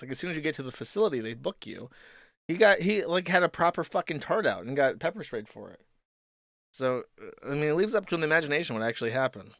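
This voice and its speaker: A man's voice: fairly high pitch, fairly bright tone, dry recording, studio quality. A man hosting a livestream, talking in a sardonic, profane, rambling way. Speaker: streamer host. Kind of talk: livestream commentary.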